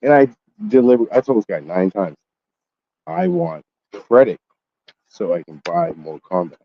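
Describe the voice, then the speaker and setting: Gravelly and fairly low, with a sing-song delivery at a moderate pace, the man hosting this collectibles vlog rants through a profane, heated story, voice rising sharply in anger. The highs are cut off and there's a little hiss or hum.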